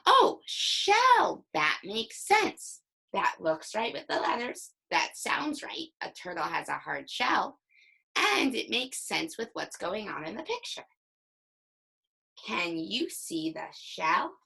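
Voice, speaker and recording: Young female teacher for a kids' reading video: slow, bouncy delivery, a bit gravelly. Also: mid-range voice, rough recording. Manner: slow, animated, sounds out words. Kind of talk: recorded reading lesson for young children.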